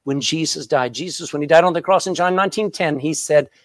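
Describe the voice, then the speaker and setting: A man preaching a sermon as pastor, emphatic and animated, often turning to the congregation with questions. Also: on the high side, fairly quick, no room sound.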